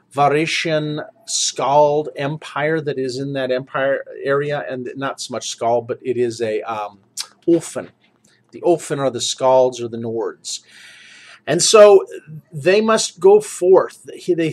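A man game master giving an earnest, rambling recap and introducing characters for his tabletop group. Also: medium pitch. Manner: earnest, rambling, self-correcting.

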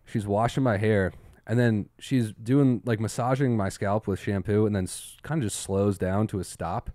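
A man's voice: normal speed, no echo. A young man co-hosting a podcast, telling stories animatedly and acting out quotes. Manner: animated storyteller, acts out quotes in a higher voice. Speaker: podcast co-host. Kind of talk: casual chat.

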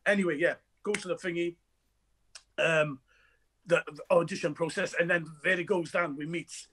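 A man, an actor telling animated stories about his work in a lively interview chat. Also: on the high side, moderate pace, slightly rough. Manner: energetic, restless storyteller who acts out quoted dialogue.

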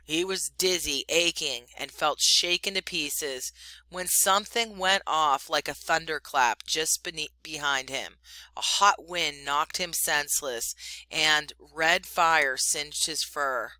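A woman teacher reading a story aloud in an expressive, deliberate storytelling way. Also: deep voice, no echo.

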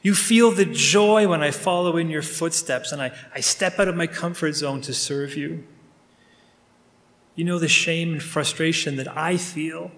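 A man's voice: a little high, unhurried, fairly bright tone. A male pastor praying aloud during a sermon, speaking earnestly and intimately to God. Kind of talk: spoken prayer in a sermon. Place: church sanctuary. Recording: long reverb of a large room.

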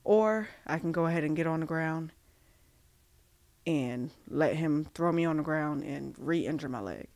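A woman from Massachusetts, a podcast guest, telling a personal story haltingly with many fillers and restarts, acting out the dialogue she quotes. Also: low-pitched, expressive, darkish tone, dry recording.

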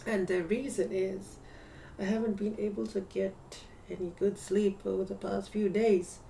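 A tired woman talking softly and hesitantly in a casual video diary at home, sometimes dropping into a whisper. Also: medium pitch, flat delivery, normal speed, gravelly, far from the mic. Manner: soft and hesitant, slipping into whispers. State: tired, yawning. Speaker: vlogger. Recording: slightly off-mic with faint room hum.

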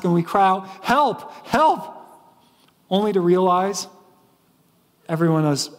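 A man's voice: high voice, big-room sound. A man preaching a sermon as pastor, telling stories with frequent restarts. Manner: storytelling preacher with repeated restarts. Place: church sanctuary.

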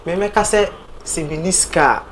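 A Ghanaian woman with a notably low voice talks through a casual interview as a guest musician. She is animated and rambling, restarting her thoughts often, with faint noise behind her. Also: moderate pace.

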